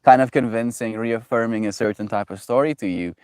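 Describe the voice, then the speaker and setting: A man livestreaming, chatting casually with viewers in a gentle, self-affirming, meandering way, laughing often. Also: mid-range voice, brisk, smooth, dry recording, studio quality. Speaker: daily livestreamer. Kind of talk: casual reflective chat with viewers.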